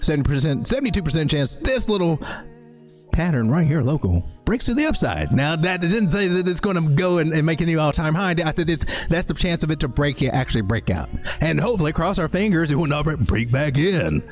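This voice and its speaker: Southern man, crypto streamer, cranky late-night ranter, lively voice, soft music underneath. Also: on the high side, brisk. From American South. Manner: rambling, joking, animated and swearing. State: cranky and tired from driving. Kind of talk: late-night ranting market livestream.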